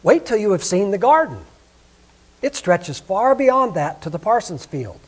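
Guy doing a proud fussy mother duck, frets and scolds, kinda husky, storybook reading. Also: sits high, big pitch swings, a little slow, pitched above the performer's own voice, exaggerated voice. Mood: fussing.

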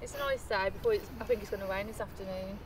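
A woman passer-by talking in a gentle, soothing, concerned way, outdoors in a park. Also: medium pitch, very animated, fast talker, noisy background. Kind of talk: casual chat.

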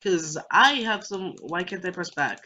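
Bright-voiced young gamer, jokey and rambling. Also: mid-range voice, expressive, unhurried. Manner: jokey, rambling, talks to the game. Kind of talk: let's play commentary. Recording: dull lo-fi recording.

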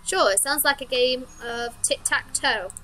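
A woman's voice: high-pitched, measured pace, bright, forceful tone, faint music behind, rough recording. A woman giving chatty, giggly commentary while playing a game. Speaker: let's play host. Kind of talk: casual gameplay commentary.

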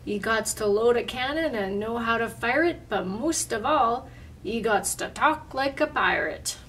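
A woman voicing a gruff, impatient male pirate captain, growling his lines loudly. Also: fairly high pitch, a little slow. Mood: boastful. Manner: loud, growling pirate talk. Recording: distant mic, faint room noise.

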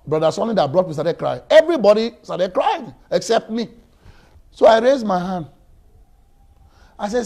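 High-voiced preacher, rising to shouts. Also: male voice, animated, normal speed. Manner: storytelling, swings from quiet to shouting, repeats words. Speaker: pastor. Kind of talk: sermon.

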